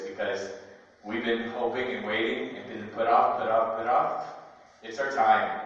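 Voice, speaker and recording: A man's voice: on the low side, fairly bright tone. A man giving an earnest, heartfelt public comment at a meeting, speaking with a few stumbles. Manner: earnest, heartfelt, slightly halting. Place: large echoey meeting hall. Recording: distant, muffled, echoey hall.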